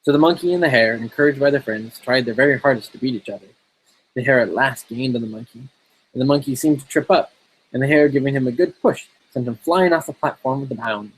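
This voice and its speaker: A man casually reading a fairy tale aloud in a relaxed, steady way. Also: mid-range voice, fast talker, a little hiss or hum, poor audio. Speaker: storyteller.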